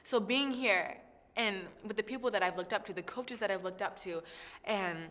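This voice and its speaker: Young female contestant, bright and forceful tone, gushing interview chat, long reverb behind her. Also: medium pitch, normal speed. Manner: chatty and excitable, with many fillers. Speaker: singing contestant. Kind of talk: backstage interview.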